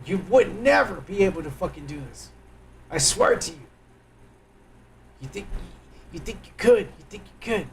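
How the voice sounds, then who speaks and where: A man's voice: high-pitched, expressive, moderate pace, pauses often, a little hiss or hum. A man hosting a livestream, reacting to clips in crude, mocking, profane commentary aimed straight at his viewers. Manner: crude, loud, mocking, addresses viewers directly. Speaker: livestream host.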